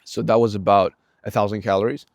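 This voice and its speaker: Young man, Swedish accent, deep low voice, dry close sound, casual rambling vlog talk, swears a lot. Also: level tone, fast, dry recording. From Sweden. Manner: rambling, profane, full of fillers and restarts. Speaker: vlogger.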